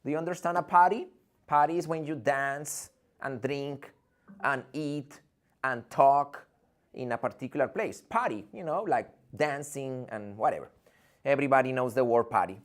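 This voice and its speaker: A man's voice: mid-range voice, moderate pace. A man teaching an online English class, playful and theatrical, joking and acting out his students' questions. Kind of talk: live online English lesson. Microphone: video call.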